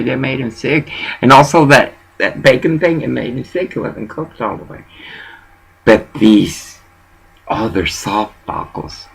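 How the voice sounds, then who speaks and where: A man rambles through a casual, profane story, and his pitch swings widely from line to line. His voice has a gravelly fry and a raspy, husky grain. It also sounds bright and tense. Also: low-quality recording. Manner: profane, animated storytelling that mixes in bits of Spanish.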